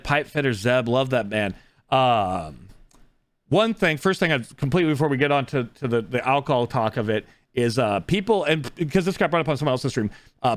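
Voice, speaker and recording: A man from the Pacific Northwest talks loosely on a podcast, looping back and restarting his sentences as he tells a story. His voice sits in a middle pitch and comes across dry and close to the mic. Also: no room sound. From Pacific Northwest, USA. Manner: rambling, with many restarts and asides. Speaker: podcast co-host and streamer. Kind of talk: casual podcast chat.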